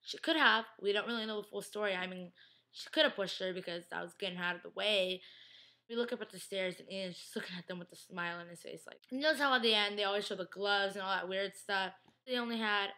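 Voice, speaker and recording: A young woman in a casual vlog, rambling through an episode recap with lots of "like" and quick impressions of the characters. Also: medium pitch, bright, forceful tone. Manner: chatty, rambling, heavy use of "like".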